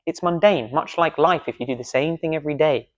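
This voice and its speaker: A man's voice: fairly high pitch, brisk. Man, speaking coach, playful, self-deprecating, demonstrating as he talks, studio. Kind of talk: casual video lesson.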